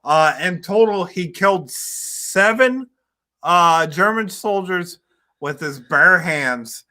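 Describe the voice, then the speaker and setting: A man's voice: high voice, animated, slow pace, sharp tone. A man in a casual podcast chat, recounting a war story with hesitant fillers. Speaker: guest author.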